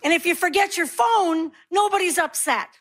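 High-voiced wry woman doing stand-up. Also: normal speed, background noise. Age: middle-aged. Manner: wry, acts out mocking voices of others. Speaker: stand-up comedian. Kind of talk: stand-up comedy.

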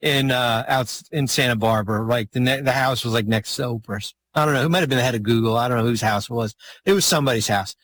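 A middle-aged former basketball executive, guesting on a podcast, tells a long story in casual chat, rambling with many restarts and fillers. His voice is mid-range and fairly bright, and he talks quickly with hardly any pauses.

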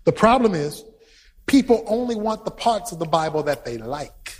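A man preaching a sermon who tells stories with energy, shouts his points and quizzes the congregation. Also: a little high, normal speed. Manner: animated storytelling, shouting for emphasis, quizzing the congregation.

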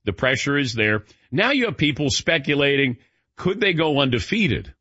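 Man, sports radio host, chatty, joking, husky, dry, dull studio sound. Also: medium pitch, normal speed, no echo. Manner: chatty, joking anecdotes, lively. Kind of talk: casual sports talk. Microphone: studio mic.

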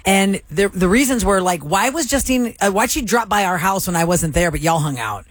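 A chatty woman hosting a morning radio show, quick with asides and laughter. Her voice is dry and close, with no room sound, and her pitch sits in a middle range. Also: animated, no room sound.

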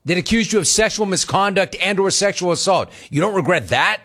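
Man, sports talk host, heated sarcastic rant, lively swooping pitch, somewhat high voice. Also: fairly quick. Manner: ranting, sarcastic, mocks with put-on quotes.

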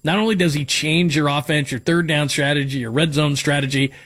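A man's voice: fairly high pitch, steady tone, fairly quick, a bit bright. A man hosting sports talk radio, giving strong opinions as he runs through names and stats.

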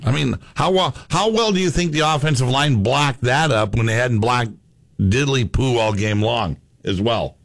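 A man's voice: medium pitch, moderate pace, dry recording. A man hosting a sports radio show, chatting casually and reading out listener messages. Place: radio studio.

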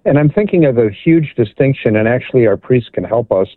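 A man's voice: medium pitch, expressive, fairly quick, dry recording. A man calling in to a radio show, speaking earnestly and conversationally. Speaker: caller. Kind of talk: call-in comment. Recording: tinny phone line.

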